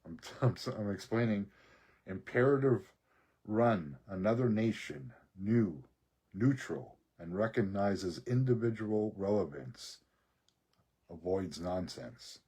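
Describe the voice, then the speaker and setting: A man with a very husky, raspy voice, pitched low and dark in tone. He rambles through a profane story, breaking into laughs as he goes. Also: animated, slow pace. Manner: rambling, profane, laughs often mid-sentence. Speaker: social media video creator.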